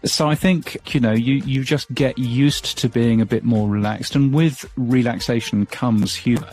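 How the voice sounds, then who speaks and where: A man's voice: medium pitch, a little slow, a little mellow, faint music behind. An English man in his fifties speaking as a podcast guest in easygoing, self-deprecating conversation, hedging often as he talks. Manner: easygoing, self-deprecating, hedges with "you know". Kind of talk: relaxed interview chat.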